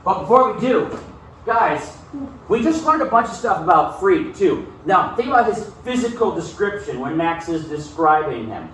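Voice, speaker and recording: A man's voice: sits high, very animated, moderate pace, fairly bright tone, slight background noise. Echoey, distant male teacher reading aloud. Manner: casual, checks in with frequent "okay?". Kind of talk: reading aloud and class discussion. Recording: very echoey room, far from mic.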